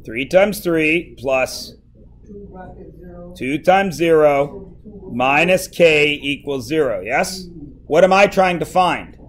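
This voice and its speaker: A man teaching math in a classroom, his voice a bit high and his delivery slow and unhurried. He walks his students through each step and keeps breaking off to tease them, with the students around him in the room. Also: expressive. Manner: joking, teasing students.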